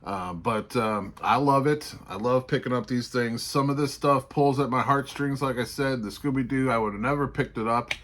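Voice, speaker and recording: A man's voice: mid-range voice, moderate pace, hardly any pauses, fairly bright tone. A man in his forties with a Texan accent, chatting casually to camera about his toy finds, rambling with lots of fillers and restarts. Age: 40s. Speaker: toy collector vlogger.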